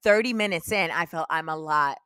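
A woman's voice: sits low, fairly quick, bright, forceful tone, smooth, no room sound. A woman guesting on a comedy podcast, chatting casually in a playful, teasing way.

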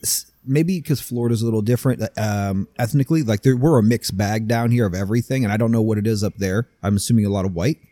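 A man's voice: lowish voice, fast, hardly any pauses, dark tone, dry recording. A man co-hosting a podcast in a warehouse studio, talking bluntly in casual chat, swearing freely and restarting often. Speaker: podcast co-host.

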